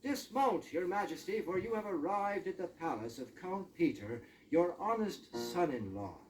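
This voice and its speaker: A man voicing a sly, smooth-talking male fox in an old audio story, coaxing and urgent. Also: normal speed, distant mic, rough recording. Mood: scheming. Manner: coaxing, urgent, high and lively. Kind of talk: amateur storybook acting.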